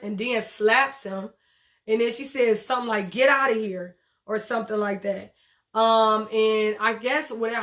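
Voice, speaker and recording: A woman, recapping a TV episode in a casual, blunt, profane way with animated retelling and acted quotes. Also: on the high side. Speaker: TV show reviewer.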